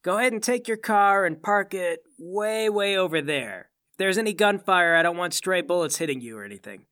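A man's voice: sits high, expressive, fairly quick, bright, forceful tone, clear, resonant tone. A man voicing a veteran male superhero who talks in an easygoing, encouraging, fatherly way. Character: veteran male superhero, gruff but kind mentor.

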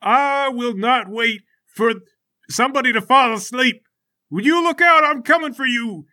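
A man's voice: very high voice, a little slow, voice pushed up, heavily acted. A man voicing a hulking bald male fighter, brash and impatient, in a blustering tone. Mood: furious. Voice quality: loud and blustering.

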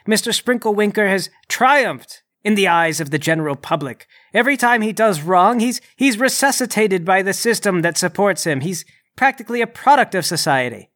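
A man's voice: high-pitched, expressive, moderate pace, fairly bright tone. A man playing a tabletop game, talking in a wry, rambling way. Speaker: player.

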